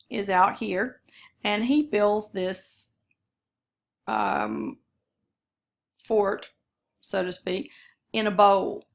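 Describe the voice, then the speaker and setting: A woman's voice: mid-range voice, creaky, fairly bright tone. A woman teaching a history lesson in a casual, conversational way, with frequent fillers and self-corrections. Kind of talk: casual classroom lecture.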